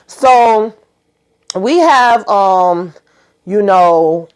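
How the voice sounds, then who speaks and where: A woman's voice: very slow, clean tone. Chatty woman recapping an episode. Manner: animated retelling, acting out characters' lines with pitch jumps; chatty, heavy on fillers like "you know". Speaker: show recap host.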